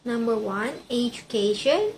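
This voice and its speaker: A woman's voice: a little high, expressive, a little slow, slight background noise, poor audio. A woman reading out a class presentation, carefully repeating words to get their pronunciation right. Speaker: student presenting a project.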